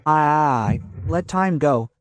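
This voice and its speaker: A man preaching a sermon with jokes and stories, addressing his listeners as gentlemen. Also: fairly high pitch, animated, slow pace, heavy background noise. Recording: audience murmur behind.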